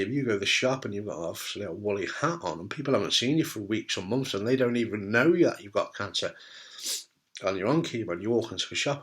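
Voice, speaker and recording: A man's voice: fairly low pitch, fairly bright tone. A middle-aged man from the UK, a cancer survivor talking candidly to camera, blunt and jokey, swearing casually and often asking "right?". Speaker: testicular cancer survivor giving advice.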